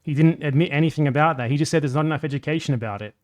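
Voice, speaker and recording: A man's voice: on the high side, very fast. Blunt, sarcastic male streamer. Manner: blunt, sarcastic, swears freely. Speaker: livestream host reacting to a clip. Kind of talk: casual profane commentary.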